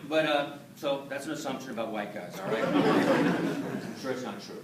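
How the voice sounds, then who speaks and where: A man performing a stand-up comedy set, telling a story in an animated way and putting on voices for the punchlines. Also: medium pitch, moderate pace, recorded from a distance, a loud crowd, heavy background noise. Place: live venue with audience. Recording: echoey room, mic heard from afar, loud audience laughter. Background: audience laughing.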